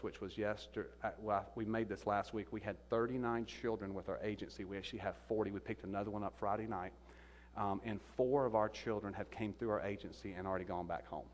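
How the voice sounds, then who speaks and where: A man, a guest speaker telling a sermon testimony, halting and repeating his words as he goes. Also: lowish voice. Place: church sanctuary. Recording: echoey sanctuary reverb.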